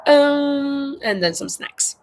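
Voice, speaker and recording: A woman's voice: high voice, expressive, slow pace, poor audio. A woman hosting a crochet livestream on a terrace, chatting casually and reading viewer comments aloud as she works. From Norway. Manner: chatty, reads viewer comments aloud, thinks out loud while working. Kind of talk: casual live chat while crocheting. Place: outdoor terrace.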